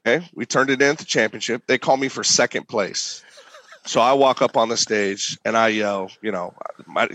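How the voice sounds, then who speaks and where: A man's voice: lowish voice, fairly quick, no echo. A young man, a competition barbecue cook, casually telling a story and acting out the voices in it. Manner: animated, acts out voices.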